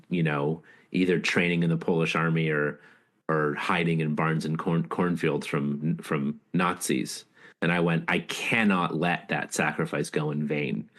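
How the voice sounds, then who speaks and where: Earnest man reflecting in an interview, low voice, heartfelt. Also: fairly bright tone. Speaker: author and leadership speaker, guest. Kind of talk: casual interview storytelling.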